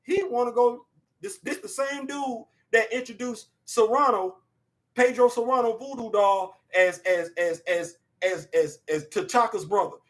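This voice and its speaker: Man, high-pitched voice, excitable casual pop-culture host, shouts and laughs. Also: unhurried.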